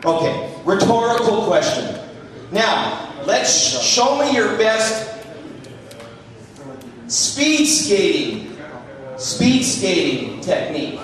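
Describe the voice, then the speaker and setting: A man teaching hockey skating to a live audience, animated and jokey as he demonstrates moves. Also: sits high, slow pace, long pauses. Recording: echoey hall, distant mic.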